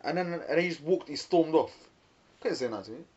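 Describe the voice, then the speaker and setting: A young man in casual chat at an even pace, telling his stories with slang and quoted lines. The sound is slightly dull and muffled. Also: fairly high pitch, fast. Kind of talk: casual storytelling.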